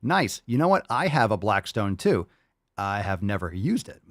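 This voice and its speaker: A man's voice: fairly low pitch, sing-song, moderate pace, fairly bright tone, no room sound, clean studio sound. Laid-back, swearing man on a podcast. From Florida. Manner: loose and chatty, laughs often, swears casually. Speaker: podcast host. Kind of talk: casual podcast chat.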